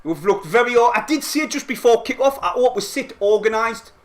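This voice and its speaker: Young lad with a high voice, streaming live football reactions and swinging between yells and quiet chat-reading. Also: male voice, brisk. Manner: excitable, shouting and swearing at goals, then quietly reading chat.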